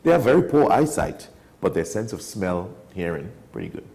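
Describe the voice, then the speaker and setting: A man, talking as a wildlife guest in a casual studio chat, animated and emphatic. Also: low-pitched, moderate pace, gravelly.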